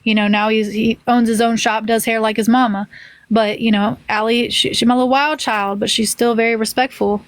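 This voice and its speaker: A woman's voice: fairly high pitch, flat delivery, fairly quick, dry recording. Emphatic frank woman in her forties. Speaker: hairdresser and mother. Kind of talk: casual group chat.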